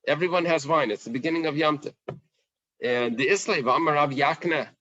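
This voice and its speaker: A man leads a casual Talmud class, talking it through in a lively, conversational way and voicing the text's questions. The recording is dry and a little muffled. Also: on the high side, brisk, no room sound. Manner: conversational, animated, acts out the Gemara's questions. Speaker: Talmud teacher.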